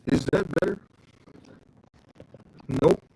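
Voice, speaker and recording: A man's voice: high voice, slow pace, mellow, poor audio. A man hosting a casual livestream, chatting loosely and greeting viewers by name. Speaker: livestream host.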